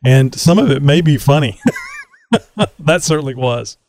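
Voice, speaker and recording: A man's voice: medium pitch, a little slow, a little mellow, slight background noise. A man from Texas hosting a casual podcast interview, chatty with frequent laughs and fillers. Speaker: podcast host.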